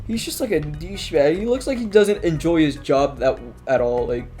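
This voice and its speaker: A man's voice: fairly high pitch, moderate pace, dark tone, faint music behind. A man telling school stories in a casual, rambling monologue, full of filler words, restarts and offhand swearing.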